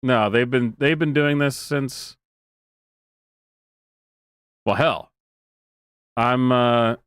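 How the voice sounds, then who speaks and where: A man's voice: medium pitch, drawn-out words, fairly bright tone, clear, resonant tone, no echo, studio quality. A man in his thirties streaming live, reacting to clips with sarcastic, mocking commentary and frequent laughter. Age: 30s.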